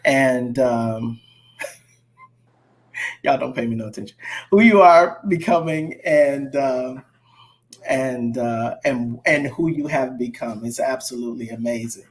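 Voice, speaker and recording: A man's voice: mid-range voice, slow, long pauses. A man, a pastor, encouraging a member of his congregation during a church livestream. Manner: warm encouraging affirmations. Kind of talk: casual church livestream talk.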